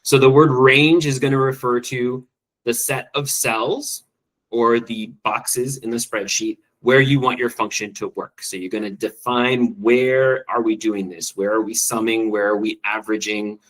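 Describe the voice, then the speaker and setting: A man teacher presenting an online spreadsheet training, quick and enthusiastic, with frequent ums and restarts. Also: medium pitch, little pitch movement, fairly bright tone, poor audio.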